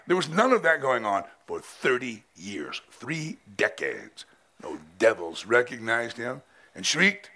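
A male preacher delivering a dramatic sermon, his voice swinging widely from high to low. The tone is gravelly and bright, and he speaks slowly with emphatic pauses. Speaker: pastor. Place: men's conference.

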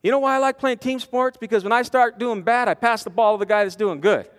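A man preaching a storytelling sermon, animated, with stammering restarts, swinging from loud to hushed. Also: extremely high pitch, quick pace. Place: large conference hall. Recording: long reverb of a conference hall.

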